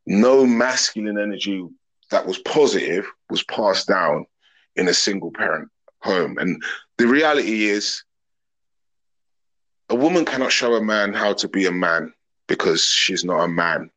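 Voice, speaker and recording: A man's voice: lowish voice, lively intonation, a little slow, fairly bright tone, low-quality recording. A man, a podcast guest talking openly and earnestly in long reflective thoughts. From England. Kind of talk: open casual conversation.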